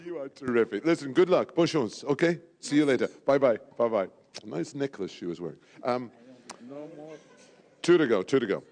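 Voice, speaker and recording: A man's voice: mid-range voice, lively intonation, moderate pace, darkish tone. A man emceeing a live event, jovial and teasing, sprinkling in French phrases. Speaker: event host at a draw.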